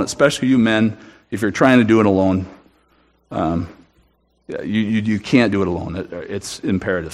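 A man giving an earnest, emphatic sermon testimony in a church room, often restarting his sentences. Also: on the low side. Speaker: guest speaker at a church.

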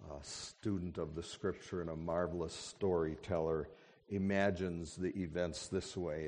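A man preaching a sermon and reading a story with slow, dramatic storytelling that swells to fervent passages. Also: low-pitched, a little mellow. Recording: long hall reverb.

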